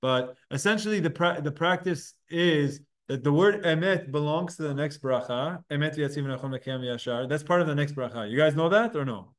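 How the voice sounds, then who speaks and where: A man's voice: fairly high pitch, normal speed, few pauses. A man teaching a Talmud class, explaining step by step in a casual way and posing and answering his own questions. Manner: casual, conversational with students.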